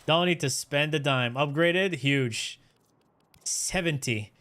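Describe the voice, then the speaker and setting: A man with a fairly high, pushed, bright voice speaks slowly while streaming a game. He chats casually with his viewers, rambling and poking fun at himself.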